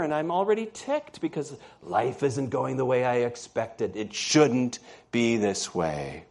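A man's voice: medium pitch, animated, a little slow, darkish tone. Male pastor, casual storytelling sermon style, keeps checking in with the congregation. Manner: storytelling, conversational, asks the congregation questions. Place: church.

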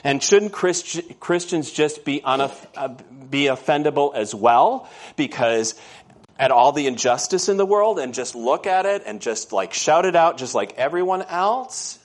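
A man's voice: fairly high pitch, animated, a little slow. Male pastor, casual storytelling sermon style, keeps checking in with the congregation. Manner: storytelling, conversational, asks the congregation questions. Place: church.

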